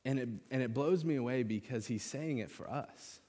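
A man's voice: mid-range voice, moderate pace, warm tone. A man delivering a sermon from the pulpit, speaking in an earnest, conversational way with casual fillers. His mid-range voice rings out with a long reverb that trails off through a large church hall. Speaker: pastor.

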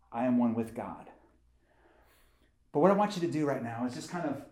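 A man's voice: fairly high pitch, darkish tone. A man pastor giving a conversational sermon that rises to emphatic peaks. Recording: roomy echo.

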